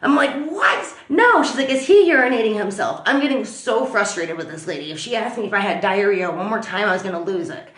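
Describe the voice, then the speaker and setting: A woman vlogger telling a story in a chatty, animated way, full of fillers. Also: mid-range voice, fast talker, few pauses, roomy sound. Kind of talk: casual storytelling to camera. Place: at home.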